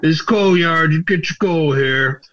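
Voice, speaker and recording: A man's voice: a little high, a little slow, a bit bright, lo-fi sound, pitched above the performer's own voice. A man playing a dim, grumpy ogre. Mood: gruff. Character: dim, grumpy male ogre coal shoveler.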